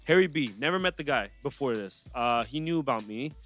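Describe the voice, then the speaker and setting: A young man, a rapper guest on a podcast, telling his story in a casual, animated way and acting out what others said to him in slang. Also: mid-range voice, brisk, faint music behind. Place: podcast studio.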